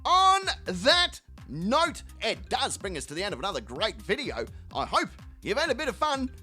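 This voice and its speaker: A male host with a high voice rambles through a profane, comic video outro. His voice swings widely with animated energy, and its tone is bright and sharp. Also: brisk, faint music behind. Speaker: channel host.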